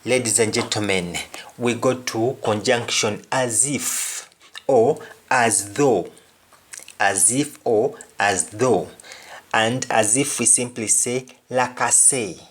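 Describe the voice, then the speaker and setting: A man teaching a spoken language lesson, saying each example phrase twice and then explaining its meaning. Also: medium pitch. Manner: deliberate, explanatory delivery.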